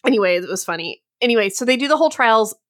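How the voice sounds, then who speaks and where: A woman's voice: a little high, expressive, racing, a bit bright. Chatty woman co-hosting a book chat. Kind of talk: casual book-discussion chat.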